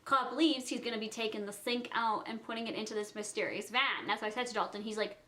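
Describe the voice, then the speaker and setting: Young woman, high voice, giggly storyteller, animated, acts out quotes, home vlog. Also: quick pace. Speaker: vlogger.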